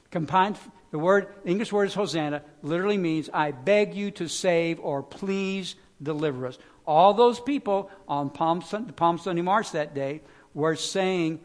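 A man preaching a sermon, alternating loud pleading phrases with quiet, low emphasis, in a conversational way with fillers and restarts. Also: a little slow. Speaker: pastor.

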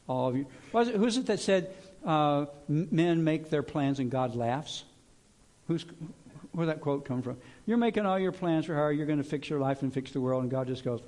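A middle-aged male pastor preaching a sermon in a lively, conversational way, asking his congregation to repeat lines after him. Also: a little high, normal speed.

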